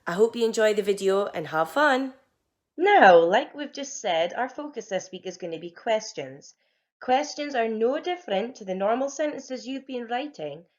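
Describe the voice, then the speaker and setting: A woman's voice: on the high side, big pitch swings, normal speed. A young woman, a primary teacher, patiently explaining grammar to young children at a whiteboard. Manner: clear, patient, encouraging classroom explaining. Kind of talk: home learning grammar lesson for young children.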